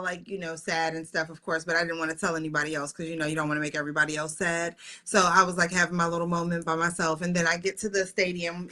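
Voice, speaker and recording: A middle-aged woman telling a personal story in casual chat, animated and excitable. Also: fairly low pitch.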